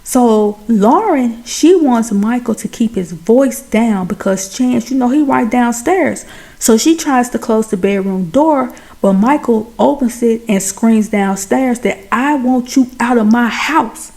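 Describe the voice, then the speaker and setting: Woman recapping a tv drama, gravelly and a bit high, calls everybody y'all, real chatty. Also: unhurried. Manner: chatty, addresses viewers as y'all and baby; animated, exclaims over plot twists. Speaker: TV show recapper.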